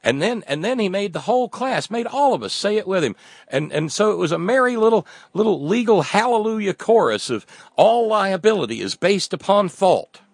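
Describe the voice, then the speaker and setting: A man's voice: high voice, big pitch swings, a little fast, creaky, husky, no echo, clean studio sound. A man delivering a sarcastic satirical monologue as a commentator, often restarting his words.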